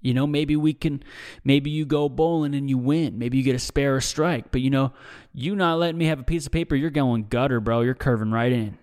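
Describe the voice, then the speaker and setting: A young man rambles through a loose solo podcast monologue in an ordinary mid-pitched voice. He swears often and drops "dude" and "bro" into nearly every thought, drifting from one gripe to the next. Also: steady tone, a little fast, darkish tone. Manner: profane, rambling, says "dude" a lot. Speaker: podcast host. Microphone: desk mic, seen drinking on video.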